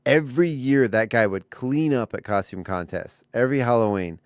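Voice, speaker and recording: A man's voice: medium pitch, normal speed, no echo. Chatty male radio co-host, dry mic. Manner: chatty, laughing easily, telling stories with restarts. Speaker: radio morning show co-host. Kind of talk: casual radio banter. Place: radio studio. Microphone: studio microphone.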